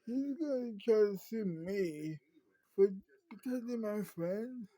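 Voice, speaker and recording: A woman's voice: medium pitch, lively intonation, mellow, no echo, pitched above the performer's own voice, rough recording. A man voicing an angry young woman who stops often with ums. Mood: indignant. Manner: halting, full of ums.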